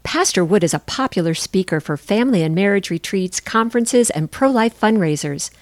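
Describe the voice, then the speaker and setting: A woman announcing a radio program, reading a scripted promo in a clear, measured way. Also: medium pitch, lively intonation, no room sound.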